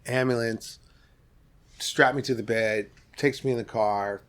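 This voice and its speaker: A middle-aged man from Los Angeles, a podcast guest, tells a candid story from his past in an animated way, rising sharply and then dropping off softly. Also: mid-range voice, measured pace, smooth. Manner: vivid, animated retelling with sudden rises and soft drop-offs.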